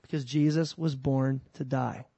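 A male pastor preaching a sermon in an animated, conversational way, jumping between loud emphasis and soft asides, with humorous asides. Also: medium pitch, unhurried, creaky, husky, dry recording.

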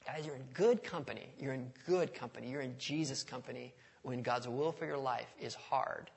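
Male pastor, gravelly husky voice, conversational sermon, questions the congregation, long hall reverb. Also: mid-range voice, moderate pace. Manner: conversational, asks the audience questions.

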